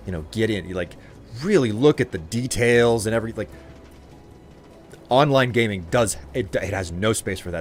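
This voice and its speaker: A man's voice: on the low side, expressive, moderate pace, soft background music. A man streaming a game live, chatting with viewers in a loose, rambling way full of fillers and restarts. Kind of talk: casual chat while streaming a game.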